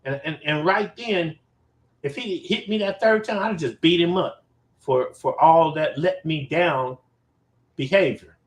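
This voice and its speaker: A man tells a story from his own life in a casual, animated way, swearing freely and repeating himself for emphasis. His voice sits a little high. The room gives off a noticeable echo. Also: measured pace. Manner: animated and profane, with emphatic repetition. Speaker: vlogger telling a personal story. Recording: roomy echo.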